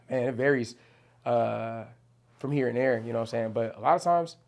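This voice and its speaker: Speaking at medium pitch and moderate pace with a darkish tone, this young rapper from New Jersey gives a casual interview. He's slangy and relaxed, curses freely, and keeps dropping "you know what I'm saying."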